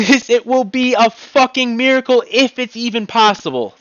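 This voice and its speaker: A man's voice: very high-pitched, normal speed, few pauses, fairly bright tone, no room sound. Agitated man ranting, lo-fi dry recording. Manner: blunt, agitated, heavy swearing. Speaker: vlogger. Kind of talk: ranting monologue. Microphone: home computer mic.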